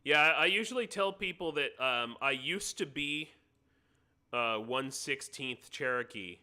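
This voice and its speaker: An American man hosts a relaxed live stream over a computer mic. His voice is very bright and sharp in tone. He chats loosely, cracks jokes and breaks off to fiddle with his audio settings. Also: medium pitch, a little slow. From United States. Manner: chatty, joking, stops to fiddle with his sound setup. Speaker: livestream host. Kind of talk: casual live-stream chat.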